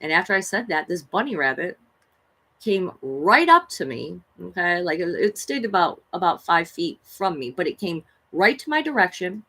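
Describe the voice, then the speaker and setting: A woman's voice: fairly low pitch, sing-song, moderate pace, fairly bright tone, breathy edge, rough recording. A woman who streams tarot readings tells spiritual stories in a casual, rambling, chatty way, full of fillers and gushing awe. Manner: gushing and awed when she talks about animals. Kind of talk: casual spiritual storytelling on a livestream.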